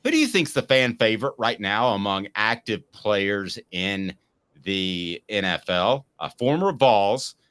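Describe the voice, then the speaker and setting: A man's voice: on the low side, big pitch swings, measured pace, fairly bright tone, smooth. A man hosting a casual sports talk show, upbeat and steering the chat with questions to his co-host.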